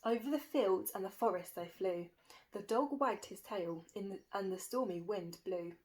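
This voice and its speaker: A woman's voice: mid-range voice, moderate pace, darkish tone, low-quality recording. A woman reading a rhyming children's picture book aloud with a lilting rhythm. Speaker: storybook reader.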